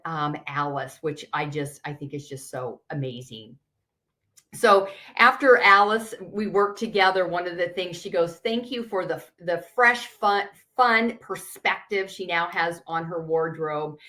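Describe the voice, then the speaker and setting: Middle-aged woman, style coach; unhurried, slightly low voice, earnest and encouraging teaching delivery. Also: fairly bright tone. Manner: earnest, encouraging, uses quoted asides. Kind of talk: teaching a webinar class.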